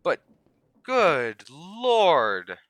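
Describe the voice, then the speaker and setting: A man ranting to the camera, heated and sarcastic, swinging between yelling and muttering. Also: on the high side, wildly swooping pitch, very slow. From United States. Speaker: comedian vlogger. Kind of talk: comedic rant to camera.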